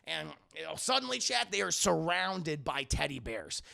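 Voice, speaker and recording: An excitable streamer man rattles through a film recap, swearing freely and calling out to his chat. His voice sits high with a heavy gravelly fry and a bright, sharp edge. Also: normal speed. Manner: excitable, profane, keeps addressing chat. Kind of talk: casual profane scene-by-scene recap.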